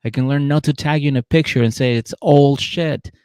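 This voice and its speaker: A man putting on the voice of a smooth-talking young man begging his girlfriend for another chance. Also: on the high side, brisk, a little mellow, dry recording, clean studio sound, pitched above the performer's own voice, lightly acted. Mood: pleading.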